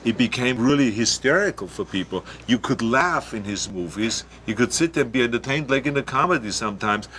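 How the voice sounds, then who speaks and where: A man giving a documentary interview in a halting way, with frequent restarts and fillers. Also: mid-range voice, expressive, bright, forceful tone, a little hiss or hum.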